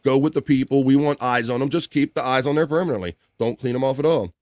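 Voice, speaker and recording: Male host for a casual live show: mid-range voice, relaxed and chatty, a bit of swearing, dry sound with no room echo. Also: medium pitch, fast talker. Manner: loose and chatty, swears casually, reads viewer comments aloud. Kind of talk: casual live-stream chat.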